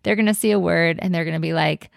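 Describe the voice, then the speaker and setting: A woman's voice: on the low side, fast talker, vocal fry, dry recording, clean studio sound. A woman hosting a podcast, explaining in a casual teaching tone and stretching out words for emphasis. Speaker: podcast host.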